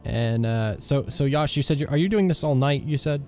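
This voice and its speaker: A man's voice: medium pitch, moderate pace, a little mellow, faint music behind. A man narrating as game master of a tabletop game, talking loosely with lots of filler words and restarts.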